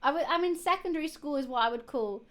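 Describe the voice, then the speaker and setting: Hiccuping young woman, high voice. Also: animated, fast, fairly bright tone. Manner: rambling, with many fillers and restarts. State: has the hiccups. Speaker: live streamer. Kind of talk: casual chat to stream viewers.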